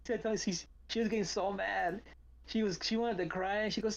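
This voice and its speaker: A man's voice: sits high, steady tone, brisk, lo-fi sound. An older man chatting casually, blunt and swearing as he tells stories. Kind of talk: casual chat.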